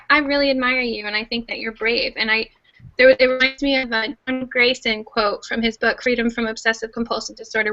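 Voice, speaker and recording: Bright slightly high woman cheering someone on, stammery, muffled call audio. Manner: halting, admiring, with stammered restarts. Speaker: panelist. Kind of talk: supportive panel talk.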